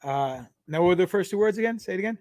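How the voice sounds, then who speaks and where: Man from the US, interview guest, brash, joking, profane, a bit high-pitched, dry close mic. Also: animated, rapid-fire, a little mellow, dry recording. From United States. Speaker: guest, pro wrestler. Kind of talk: casual interview chat.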